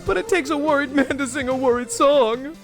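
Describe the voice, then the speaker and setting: Brief: a man playing a weepy, melodramatic murderer-popstar, high and sobbing, louder than his own voice. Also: brisk, over music. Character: weeping self-pitying male killer pop singer. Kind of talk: game character voice while streaming.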